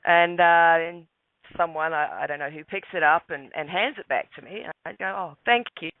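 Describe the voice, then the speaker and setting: Aussie bloke telling a story over skype, gravelly voice, kinda high, stumbly. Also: male voice, fairly quick, no room sound. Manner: hesitant, restarts often, says mate. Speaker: guest. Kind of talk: storytelling on a radio call-in. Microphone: Skype call. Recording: tinny Skype line, dry.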